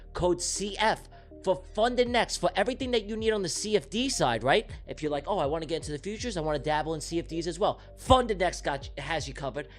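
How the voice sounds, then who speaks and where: A man voicing a hyped male ad announcer, loud and punchy. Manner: loud, punchy, rapid pitch. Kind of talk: sponsor read.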